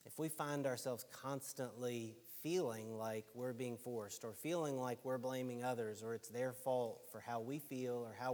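A man preaching a sermon in a relaxed, conversational way who keeps checking in with his listeners. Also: medium pitch. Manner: conversational, keeps asking "right?". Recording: long hall reverb.

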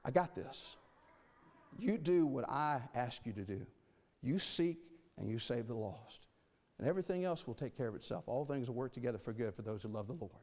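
A man preacher voicing a calm, fatherly male God who speaks low and soothingly. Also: moderate pace, long reverb tail, lightly acted. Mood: reassuring.

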